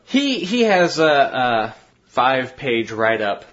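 A man's voice: mid-range voice, very animated, slow pace. A man co-hosting a podcast, talking casually and rambling with many restarts. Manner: rambling, restarts, trails off quietly. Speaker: podcast co-host. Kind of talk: casual chat. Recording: dull lo-fi podcast audio.

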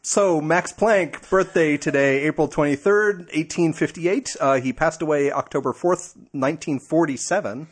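A man's voice: on the high side, normal speed, hardly any pauses. Rambling, joking male podcast co-host. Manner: rambling, self-deprecating, many fillers. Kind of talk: casual chat.

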